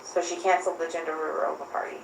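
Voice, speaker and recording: Woman retelling events with a gravelly edge. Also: deep voice, level tone, fast talker. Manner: retells text exchanges, quoting with "I was like". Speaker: witness questioned by authorities. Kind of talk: recounting events in an interview. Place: interview room. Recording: echoey room, voice from far off, faint hiss.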